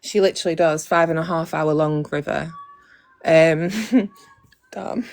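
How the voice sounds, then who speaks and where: Casual female stream host, lowish voice, dry sound, blunt and profane. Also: fairly even intonation, a little slow, a little mellow, no echo. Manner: blunt, profane, talks straight to her viewers. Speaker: livestream host. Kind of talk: casual livestream chat.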